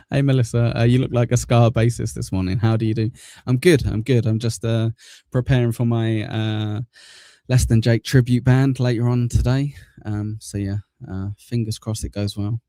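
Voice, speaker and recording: Hosting a casual livestream news show, a man with a lowish, warm voice chats and jokes while reading viewer comments aloud, throwing in crude insults. He uses a desk mic in front of a green screen, with clean studio sound and no echo.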